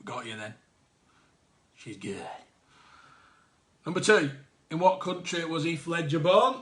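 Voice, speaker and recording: A man's voice: on the high side, very animated, takes it slowly, pauses often, a bit bright. A man hosting a live online quiz, reading out answers with jokey, chatty asides. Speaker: quiz host.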